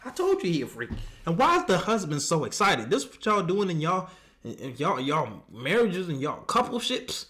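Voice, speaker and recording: Animated mocking man reacting. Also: normal speed. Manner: animated, mocking, jumps into high squeals. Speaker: reaction commentator. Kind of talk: comedic reaction commentary.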